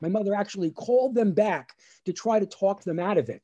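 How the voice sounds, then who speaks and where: A man's voice: high voice, fairly quick. A middle-aged man with a New Jersey accent, a lawyer and comedian telling funny family stories on a webinar video call. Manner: animated, acts out family voices. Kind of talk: storytelling stand-up on a webinar.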